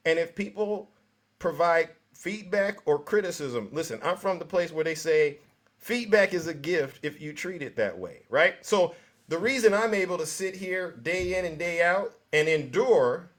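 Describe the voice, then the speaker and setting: A man hosting a live call-in talk show, calmly trying to settle an upset caller and repeating her name to get through. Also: on the high side, moderate pace. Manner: calm, soothing, repeats names to get attention. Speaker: host.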